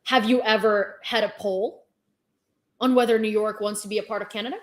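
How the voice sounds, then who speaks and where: A woman's voice: medium pitch, fairly even intonation, brisk. A young woman, ranting on her vlog in an exasperated, sarcastic way, swearing and firing off rhetorical questions. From Ukraine. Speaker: vlogger. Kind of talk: heated commentary rant.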